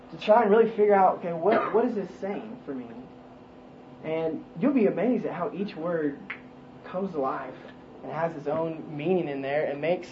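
A man giving an informal Bible lesson to a small group, conversational and full of questions and restarts. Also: a little high. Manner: conversational, asks questions, frequent ums and restarts. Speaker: Bible study teacher. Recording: dull lo-fi recording with faint noise.

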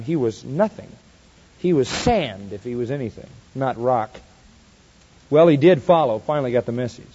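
A man preaching an expository sermon, swinging between soft, quiet asides and loud, emphatic points, and slowing right down to stress key verses. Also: medium pitch, husky, lo-fi sound. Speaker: pastor.

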